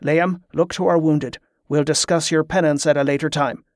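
A stern middle-aged priest who leads his men with curt, commanding orders, as a man puts him on. Close and dry, in the reader's fairly high natural register. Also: fairly even intonation, moderate pace, no echo, natural voice.

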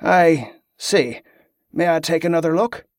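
A man's voice: a little high, measured pace, dry recording, clean studio sound. A male narrator voicing a young nobleman who talks in a polite, wry and inquisitive way. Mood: curious.

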